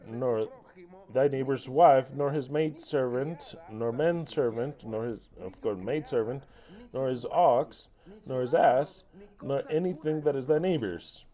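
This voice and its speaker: Fiery, mellow-voiced male preacher. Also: mid-range voice. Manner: heated, mocking, with rhetorical questions and cursing. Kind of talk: impassioned sermon.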